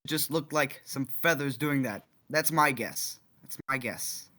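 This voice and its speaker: Slow, bright-voiced speaker musing. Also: mid-range voice. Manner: repeats own guess, hesitant. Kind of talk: casual chat on voice call.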